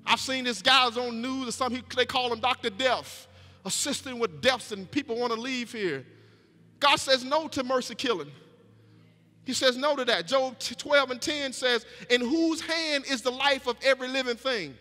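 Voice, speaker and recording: A middle-aged pastor preaches a sermon in a church sanctuary, folksy and emphatic, often repeating his words. His voice is extremely high, pushed and bright, at a moderate pace. The recording has long church reverb with faint music behind him.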